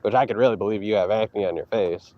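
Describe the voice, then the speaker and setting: A man streaming from an outdoor hike, trash-talking his chat in a boastful, mocking way with loud teasing outbursts. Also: on the low side, fast, dull audio. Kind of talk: casual trash talk to chat while hiking.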